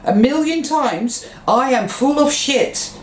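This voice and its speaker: A woman's voice: high-pitched, expressive, slow, pitched above the performer's own voice. A woman doing a bossy scolding teacher. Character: stern schoolteacher scolding a pupil. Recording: roomy echo, faint noise.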